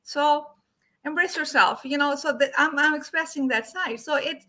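A woman hosting a casual wellness conversation, talking expressively and quick to agree. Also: high voice, pushed and bright. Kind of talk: casual spiritual wellness chat.

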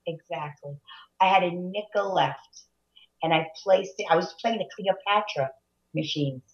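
A woman's voice: fairly low pitch, a little slow, muffled recording. A woman chatting casually, agreeing eagerly and chiming in with her own stories. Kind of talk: casual chat.

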